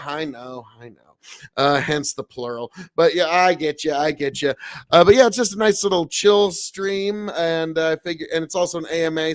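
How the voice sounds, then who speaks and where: This livestream host from Nebraska has a rural American accent and a clean, fairly high voice. Hosting a casual stream, he talks bluntly, curses constantly, and now and then erupts into loud outrage.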